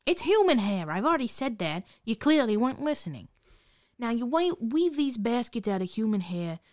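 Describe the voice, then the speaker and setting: A woman's voice: a little high, sing-song, normal speed, a little mellow, dry recording, clean studio sound. A woman playing a brash, profane basket seller in an improvised comedy sketch, talking with sarcastic dismissiveness. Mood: snarky. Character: brash foul-mouthed woman hawking hair baskets.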